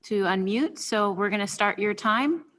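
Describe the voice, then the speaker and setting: A woman moderating a public meeting over a remote call, calling up speakers in a brisk, procedural way. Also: mid-range voice, lively intonation, a bit bright.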